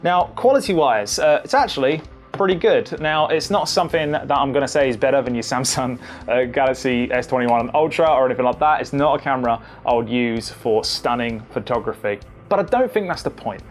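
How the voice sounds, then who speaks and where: A man giving a relaxed, conversational laptop overview as a tech reviewer, with frequent fillers. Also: mid-range voice, fairly quick, soft background music. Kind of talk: casual product overview.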